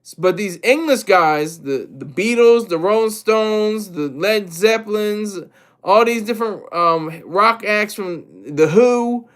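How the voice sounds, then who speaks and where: A man's voice: sits high, slow pace. A man streaming live, commenting on music and answering his chat in a loose, rambling way, often repeating and correcting himself.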